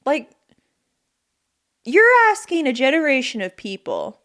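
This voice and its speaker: A young woman in her twenties co-hosting a podcast, telling animated stories with lots of swearing. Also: high-pitched, measured pace. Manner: animated storytelling, swears freely, acts out quotes. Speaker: podcast co-host. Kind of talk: casual chat.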